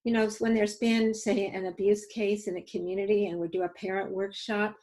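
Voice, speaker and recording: A woman's voice: medium pitch, flat delivery, brisk, a little mellow, rough recording. A woman safety educator teaching a webinar over a video call, telling stories and coaching her audience through exercises in an earnest way. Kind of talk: webinar teaching with live demos.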